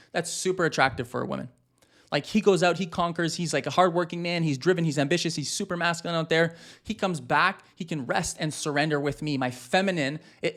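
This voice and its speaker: A man's voice: a little high, a bit bright. A man in his thirties, a marriage coach, giving a direct and emphatic talk to husbands with frequent fillers.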